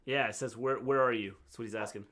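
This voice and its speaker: A man's voice: mid-range voice, fairly even intonation, fast talker, fairly bright tone. A middle-aged American man co-hosting a wrestling livestream, reading out the chat and teasing in a dry way.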